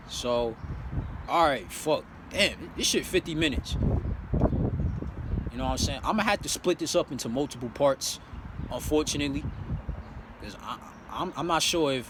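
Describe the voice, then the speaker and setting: A young man tells his life story in a loose, animated way, full of swearing and fillers, with a slightly high voice. He is recorded outdoors in a city, with traffic and street noise clearly audible behind him. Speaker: vlogger. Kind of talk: casual storytelling.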